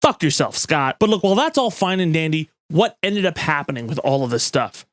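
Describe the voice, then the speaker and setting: A man's voice: on the high side, very animated, fairly quick, no echo. A young man hosting ranting political commentary, profane and sarcastic, swinging between heated outbursts and mocking asides.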